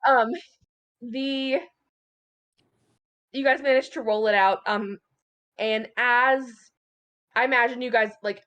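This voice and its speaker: Woman game master, casual and halting, fairly high voice. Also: steady tone, fairly bright tone, lo-fi sound. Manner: casual, filler-heavy narration. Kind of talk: narrating a tabletop game.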